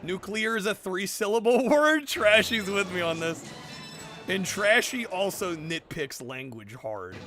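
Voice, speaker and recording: A male streamer chatting casually with his viewers, animated and argumentative, laughing often and swearing now and then. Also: sits high, measured pace. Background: background music.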